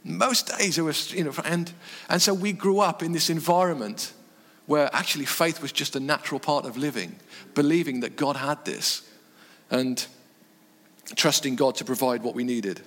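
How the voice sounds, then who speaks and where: A man preaching a sermon in earnest short phrases, dropping his voice low on key words. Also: normal speed, fairly bright tone. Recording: long reverb from a hall.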